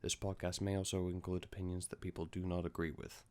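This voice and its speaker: A man co-hosting a casual podcast chat, talking in a dry, flat monotone. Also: sits low, quick pace. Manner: dry, self-described monotone delivery. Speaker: podcast co-host.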